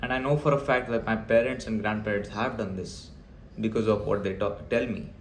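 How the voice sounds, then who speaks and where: A man's voice: on the low side, fairly even intonation, a little fast, reverberant, slight background noise. A young man ranting bluntly and emphatically to camera as a vlogger, with frequent fillers. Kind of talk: opinionated talk to camera.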